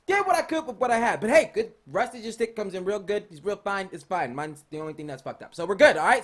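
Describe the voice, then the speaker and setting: An American man hosting a casual interview, hyped and loud with lots of slang. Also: a little high, a little fast, few pauses. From United States. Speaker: interview host.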